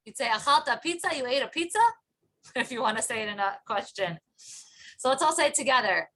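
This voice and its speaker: A woman teaching a small online class over a video call. She talks in a bright, slightly high voice, repeating phrases patiently and laughing often. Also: expressive, fairly quick, slight background noise. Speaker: Hebrew teacher.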